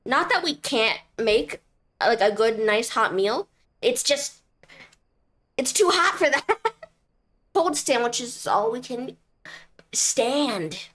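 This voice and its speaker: A woman's voice: fairly high pitch, lively intonation, slow, long pauses, a bit bright. A young woman streaming a game, chatting in a goofy, rambling, playful way. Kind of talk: casual game commentary.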